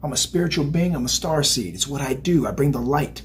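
A man's voice: medium pitch, animated, fairly quick, breathy edge. A man giving a psychic tarot reading, emotional and motivational, rambling and repeating himself. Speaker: tarot reader.

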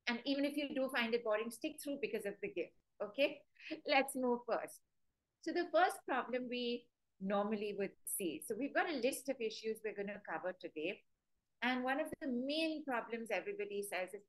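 A woman's voice: on the high side, low-quality recording. A woman giving a live webinar lesson as a dog trainer, chatty and quizzing her viewers. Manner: chatty, asks the audience direct questions; acts out stern and sweet commands to dogs.

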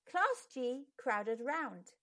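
A woman hosting a children's channel, reading a picture book aloud in an expressive, sing-song way. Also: high voice, drawn-out words. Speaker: channel host and storyteller.

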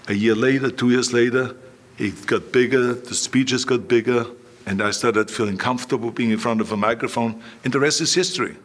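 Older man telling lively stories. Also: mid-range voice. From Austria. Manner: animated anecdotes, acts out quoted voices. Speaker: interview guest. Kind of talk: storytelling in a relaxed interview.

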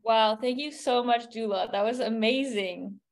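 A woman's voice: a little high, measured pace. A woman hosting an online science night, thanking the speaker in an enthusiastic, upbeat way over a video call. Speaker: event host. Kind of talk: casual thanks and moderation.

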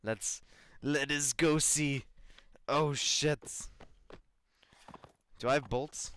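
A young man hosting a casual let's-play, excitable and swearing freely as he reacts to the game. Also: fairly high pitch, very slow, pauses often, clear, resonant tone. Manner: excitable, swearing, laughing, reads game text aloud. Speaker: gaming channel host.

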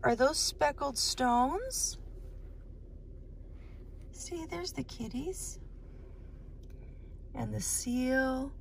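Slow, lilting woman reading to children. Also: sits high, lively intonation, vocal fry, a little hiss or hum. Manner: slow, sing-song, asks the child many questions. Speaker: children's storytime host. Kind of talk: reading a picture book aloud to young children.

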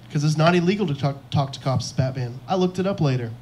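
A young man with an expressive, slightly high and somewhat mellow voice talks fast with few pauses, and a faint hiss or hum is audible. In his stand-up club set he mocks himself through stories, acting out everyone's lines.

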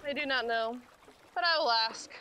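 A woman's voice: a little high, pushed and bright, a little hiss or hum. A woman acting a weak, parched shipwrecked woman, speaking wearily and mournfully in an outdoor stage performance. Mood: weary. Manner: weary, slow, mournful. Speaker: actor playing the businesswoman. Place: outdoor marina platform.

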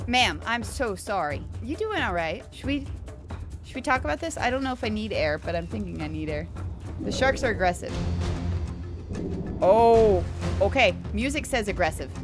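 A young woman giving casual let's play commentary, excitable, chatting to the animals and swearing, with sudden loud outbursts. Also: medium pitch, moderate pace, long pauses. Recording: game music playing behind the voice.

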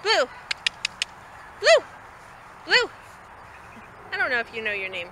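Outdoors with heavy background noise, a woman filming on her phone talks casually to a dog, repeatedly calling and commanding it as she coaxes it along; she works at an animal shelter. Her high-pitched voice swings hugely in pitch, and she speaks slowly.

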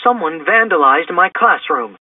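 An annoyed woman science teacher, acted by a man reading a storybook, talks in a slow, matter-of-fact way. Her voice is husky and comes through a distant, phone-like line. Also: fairly high pitch, lively intonation, dry recording. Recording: distant, tinny phone-like sound.

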